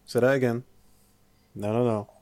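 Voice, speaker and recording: A man's voice: mid-range voice, steady tone, moderate pace, warm tone, dry recording. Male co-host, playful needling banter, dry close sound. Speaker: podcast co-host. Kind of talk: casual chat.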